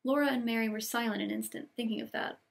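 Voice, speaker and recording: Woman, young adult, book host reading aloud; slightly high, gravelly, gentle and unhurried. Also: fairly even intonation. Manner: gentle, unhurried reading, lingering on cozy details. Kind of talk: storybook read-aloud with casual asides.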